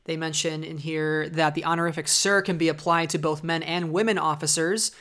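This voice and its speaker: Low-voiced enthusiastic woman podcast host. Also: fairly even intonation, brisk, fairly bright tone. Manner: enthusiastic, laughs often. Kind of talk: casual chat.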